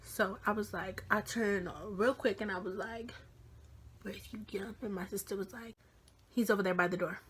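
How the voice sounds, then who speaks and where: Young woman telling a fast storytime. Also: mid-range voice, slightly rough. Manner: animated, swears a lot, drops into whispers. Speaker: vlogger. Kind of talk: casual storytime vlog.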